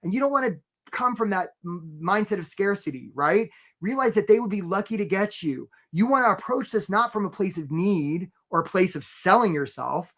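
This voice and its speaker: A man's voice: high voice, normal speed. Male career coach, webinar host, peppy and chatty, video-call sound. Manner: energetic, upbeat, asks "right?" often. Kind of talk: live webinar presentation.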